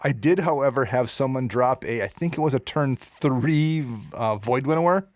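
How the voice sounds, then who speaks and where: A man co-hosts a podcast, rambling casually with frequent fillers and self-deprecating asides. He speaks at medium pitch and a moderate pace, with no room sound.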